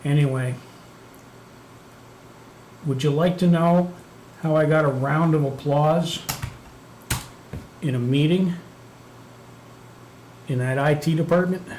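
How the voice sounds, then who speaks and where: A man's voice: fairly high pitch, takes it slowly, pauses often, a little mellow. A man hosting a live stream, chatting casually and telling a profane story while muttering over his computer work. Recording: echoey room, faint background noise.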